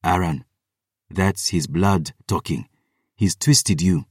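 A man voicing a big, gentle male warrior in an audiobook, speaking softly and pleadingly. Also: sits low, slow, husky, no echo, clean studio sound, recorded from a distance, exaggerated voice.

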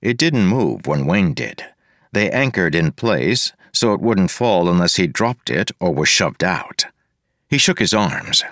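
A man with a very low voice narrates an action story, brisk and lively in his delivery. The sound is dry and close, with no room around it. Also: no room sound. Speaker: audiobook narrator. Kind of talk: scripted narration.

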